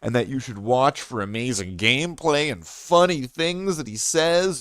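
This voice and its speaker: A man with an animated, mid-range, slightly bright voice talks at normal speed with hardly any pauses, in studio-quality sound with no room echo. Live streaming a game, he rants to his chat, swearing constantly and rambling through many restarts.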